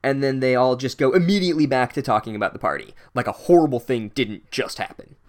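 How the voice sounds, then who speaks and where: A man's voice: medium pitch, fast talker. A man giving a casual comedic book recap, sarcastic and full of swearing. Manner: profane, sarcastic.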